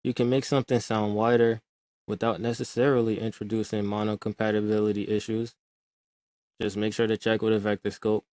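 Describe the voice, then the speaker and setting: A man with a lowish voice walks through an audio tutorial in a calm, measured way. His voice is close and dry, with no room sound at all. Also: no echo. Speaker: music production tutor. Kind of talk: screen-recorded tutorial.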